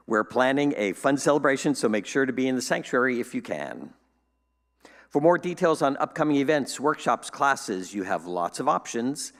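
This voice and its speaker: Male church host, cheerful announcer with jokey asides, reverberant sanctuary. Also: mid-range voice. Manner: upbeat, playful, joking asides. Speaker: service host giving welcome and announcements.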